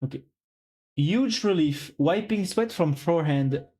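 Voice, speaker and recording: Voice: medium pitch, animated, unhurried, mellow, breathy edge. A streamer, chatting casually and playfully on a live stream, thinking aloud and joking at their own expense.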